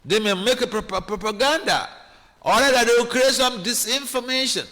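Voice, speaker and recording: Teaching a scripture class, a man delivers a sermon in a high voice that swoops with animation as he performs quoted speech. His bright tone echoes through a temple hall with long reverb, and he keeps stopping to restart phrases.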